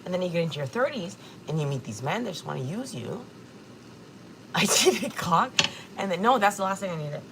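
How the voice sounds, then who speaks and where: A woman in her forties hosts a casual livestream from her kitchen. She is tearful and speaks frankly, swearing freely in a lowish voice. Clear background noise from the room runs under her speech. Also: expressive, normal speed. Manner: candid, emotional, swears freely. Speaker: livestream host. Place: home kitchen.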